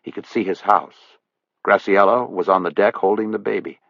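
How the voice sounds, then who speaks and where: A man reading an audiobook thriller in measured scripted narration. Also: lowish voice, steady tone, creaky, fairly bright tone, no echo. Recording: dull lo-fi dry audiobook recording.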